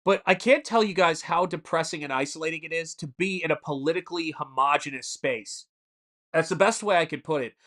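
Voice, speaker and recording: A man's voice: fairly high pitch, brisk, fairly bright tone. A man in his forties hosting a casual live stream, telling rambling stories and stopping to answer the chat. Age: 40s. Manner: rambling storyteller who answers chat mid-story.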